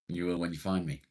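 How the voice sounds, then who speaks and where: A man's voice: low-pitched, a little mellow. A man from England hosting a casual livestream, reading and answering chat comments bluntly and swearing freely. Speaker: livestream host.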